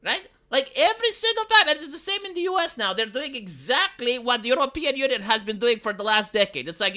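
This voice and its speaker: Woman streamer with a Romanian accent: bright, lively pitch, sarcastic profane rant. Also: a little fast, hardly any pauses. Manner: sarcastic, profane, mocking quoted voices. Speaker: live streamer. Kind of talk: ranting commentary stream.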